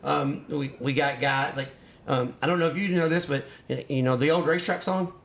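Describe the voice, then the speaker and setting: A man's voice: fairly high pitch, fairly quick, vocal fry. A man hosting a casual podcast chat, a former racer who talks loosely, laughs often and swears casually. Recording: echoey room.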